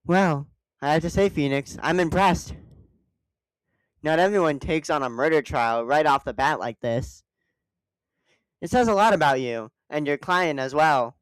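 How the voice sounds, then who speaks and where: A game player voicing a composed female senior lawyer who speaks calmly and encouragingly. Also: medium pitch, unhurried, pauses often, clear, resonant tone, no room sound, natural voice, low-quality recording.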